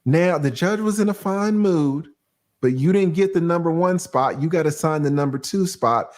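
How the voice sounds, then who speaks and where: Male stream host, slightly high voice, loose profane chatter. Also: normal speed. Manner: animated, profane, reads out chat shout-outs. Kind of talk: casual livestream commentary.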